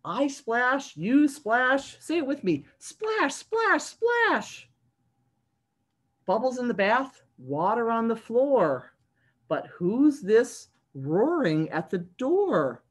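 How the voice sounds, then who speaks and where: With a husky, rather high voice, a female children's librarian takes her time reading a picture book to young children over video. She keeps it sing-song and animated, pausing to ask the kids questions.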